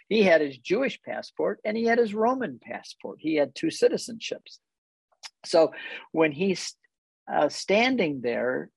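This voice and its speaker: Man, earnest storyteller, easily moved, gravelly tone, close and dry sound. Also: on the high side, no echo, poor audio. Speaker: guest who leads tour groups to Israel. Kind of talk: personal storytelling in conversation.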